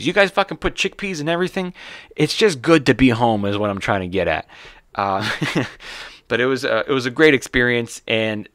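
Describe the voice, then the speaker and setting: This is a casual solo podcast monologue from an American stand-up comedian hosting his own show: loose, profane, animated, and full of restarts. His medium-pitched voice moves at a moderate pace in a dry, studio-quality recording.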